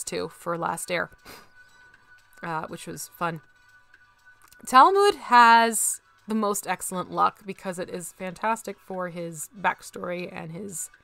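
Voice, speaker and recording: A woman's voice: on the low side, gravelly, fairly bright tone. A young woman chatting casually on a livestream while she paints miniatures, bubbly and talkative as she reads chat.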